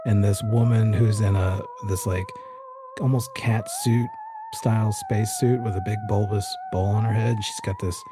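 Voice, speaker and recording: A man's voice: lowish voice, wildly swooping pitch, moderate pace, over music. A man running a tabletop game as game master, narrating scenes in a loose, descriptive way with fillers.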